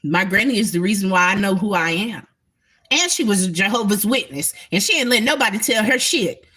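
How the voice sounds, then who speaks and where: Emphatic husky-voiced woman livestreaming. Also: medium pitch, lively intonation, fairly quick, pushed and bright. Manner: emphatic, profane, talks straight to viewers. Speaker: intuitive spiritual livestreamer. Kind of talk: casual livestream chat.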